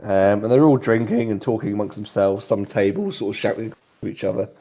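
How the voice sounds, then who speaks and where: A man narrating as game master of a tabletop game, rambling and halting with many ums. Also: on the low side, mellow, a little hiss or hum.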